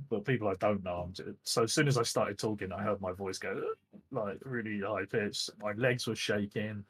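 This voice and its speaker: Husky low-voiced British-born man rambling. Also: rough recording. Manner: rambling, self-deprecating storyteller with many fillers. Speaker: esports director, guest. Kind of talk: casual interview chat.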